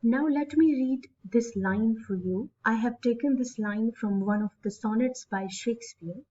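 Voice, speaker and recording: A woman English instructor with a Pakistani English accent giving a recorded lecture, speaking slowly and stretching words out syllable by syllable. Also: on the high side, warm tone, slightly rough. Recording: distant mic, dull lo-fi sound.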